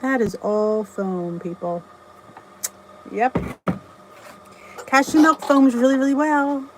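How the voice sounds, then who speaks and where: A woman's voice: sits high, steady tone, slow, background noise. A middle-aged woman hosting a casual live stream, chatting and greeting viewers by name, often laughing at herself. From New Jersey. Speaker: channel host.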